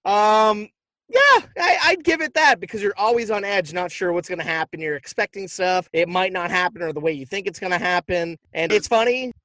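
A man with a slightly higher voice for his sex, retelling a movie plot in a loose, profane, animated way. The sound is dry and close, with no room around it. He talks like a podcast co-host chatting with friends. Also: brisk, no echo.

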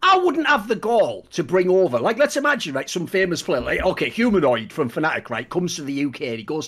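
A man's voice: on the high side, sing-song, fairly quick, few pauses, fairly bright tone, breathy edge. A man co-hosting a casual podcast, mocking and swearing as he banters. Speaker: co-host.

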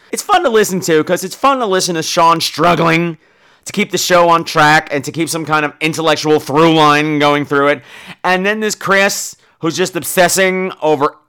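A man's voice: on the high side, sharp tone, smooth. A man hosting a podcast and telling a comic story in a campy, theatrical way while grieving. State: grieving, dazed. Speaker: podcast host.

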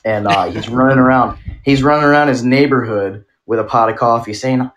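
A man's voice: medium pitch, fairly quick, hardly any pauses, a bit bright. A man co-hosting a podcast, chatting casually in a rambling, giggly, profane way. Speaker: podcast co-host. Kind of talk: casual chat.

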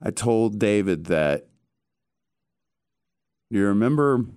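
A man hosting a casual chat, telling stories in an animated way with casual swearing. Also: fairly low pitch, takes it slowly, clear, resonant tone, no room sound, studio quality.

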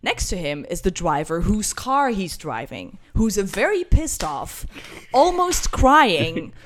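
A young woman with a British accent spins a casual story, jumping into quick impressions of everyone involved. Her voice sits at an ordinary middle pitch, and she tells it with an easy, animated flow. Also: a crowd in the background. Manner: animated storyteller who acts out quoted voices. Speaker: guest telling a travel story. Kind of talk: casual anecdote.

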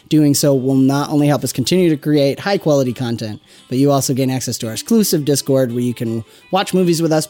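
A game master, still getting over a bout of sickness, narrates a tabletop adventure in halting, restart-heavy phrases. Faint background music plays beneath the voice. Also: medium pitch, warm tone. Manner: halting, with many fillers and restarts. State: still sick, voice not fully back.

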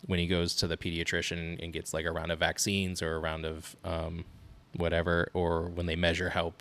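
Deep-voiced man telling animated stories. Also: normal speed. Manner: animated storytelling with laughs. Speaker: podcast co-host. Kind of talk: casual chat.

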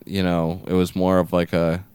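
Deep-voiced man, smooth, rambling storyteller. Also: monotone, normal speed, a little mellow, dry recording. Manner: rambling anecdotes with heavy swearing and filler. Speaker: podcast co-host. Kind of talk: casual chat.

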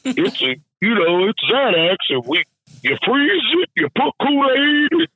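A man telling a rowdy work story in casual chat, profane, animated and laughing often. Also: very high voice, measured pace, slightly rough, no echo, dull audio.

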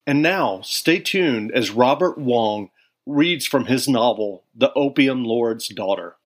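A man's voice: medium pitch, expressive, takes it slowly. Male interview host.

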